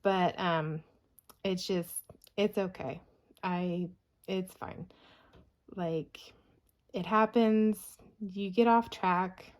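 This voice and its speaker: A woman's voice: fairly low pitch, fairly even intonation, very slow, pauses often. A woman vlogger talking casually through her spending, chatty and self-reassuring as she goes over each figure. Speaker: budgeting vlogger. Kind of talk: casual spoken budget review.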